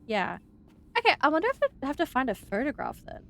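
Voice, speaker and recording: A woman's voice: high-pitched, huge pitch swings, fast, gravelly, fairly bright tone, a little hiss or hum. A young woman with an Australian accent, some of her R's sounding a little American, chatting casually and rambling while she streams a game. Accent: Australian, with slightly American-sounding R's. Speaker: VTuber streamer. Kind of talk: casual gameplay chat.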